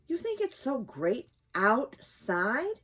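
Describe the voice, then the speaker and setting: A woman voicing a chatty male squirrel who lectures a cat through a window, in a lively storybook reading with soft music behind. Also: on the high side, takes it slowly, husky, pitched above the performer's own voice, exaggerated voice. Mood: lecturing. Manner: lecturing, earnest.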